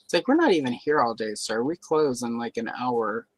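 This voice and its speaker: A man's voice: medium pitch, normal speed. A man chatting casually on a live stream, telling workplace stories and acting out the voices of the people in them. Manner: animated storyteller who acts out quoted voices. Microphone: live stream microphone.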